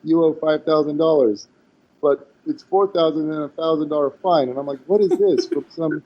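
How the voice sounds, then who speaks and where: A man's voice: a little high, moderate pace. A man in his forties, a podcast guest telling stories in casual chat, acting out quotes with many restarts. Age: 40s. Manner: animated storyteller, acts out quotes, many restarts. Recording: dull lo-fi sound.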